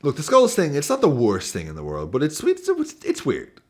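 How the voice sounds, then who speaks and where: A man giving a casual football commentary to camera, animated, laughing and swearing often. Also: on the high side, a little fast. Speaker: football YouTuber.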